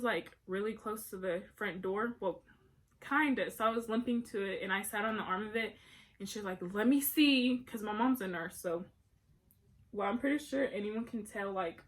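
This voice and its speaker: A young woman tells a personal story to her viewers while getting ready, in a chatty, rambling vlog style. She wanders off on tangents and restarts her sentences, filling them with likes and ums. Her voice sits at an ordinary middle pitch. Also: a bit bright. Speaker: vlogger.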